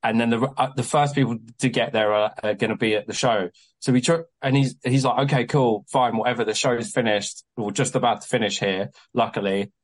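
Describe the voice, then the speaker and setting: A man in his twenties or thirties tells a chaotic story on a podcast, with a voice of ordinary pitch. He jumps into quoted exchanges with plenty of swearing and a lively, animated delivery. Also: brisk, rough recording. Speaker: guest, venue promoter.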